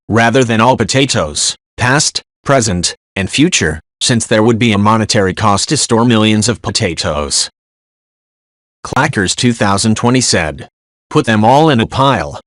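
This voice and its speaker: Male narrator for forum-post readings: lowish voice, quick, dry and direct. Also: fairly bright tone, no echo. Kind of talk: scripted reading of online posts.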